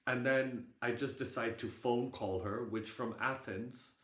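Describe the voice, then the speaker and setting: A young man sharing a personal story on a group video call. He talks in a halting, candid way and swears casually. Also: mid-range voice, fairly even intonation, fairly bright tone, roomy sound.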